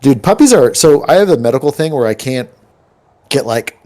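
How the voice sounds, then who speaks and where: A man's voice: mid-range voice, lively intonation, a little fast, a little mellow. A man chatting casually before a tabletop game, rambling through stories with lots of likes and ums. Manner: rambling storyteller, many likes and ums, acts out quoted voices.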